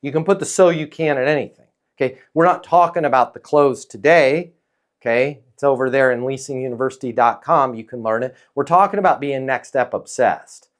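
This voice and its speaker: Calm man coaching leasing staff. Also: mid-range voice, a little fast. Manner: coaching, peppered with "okay?" and "right?" tags; calm, neutral, non-pushy tone. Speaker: leasing sales trainer. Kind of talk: casual training talk.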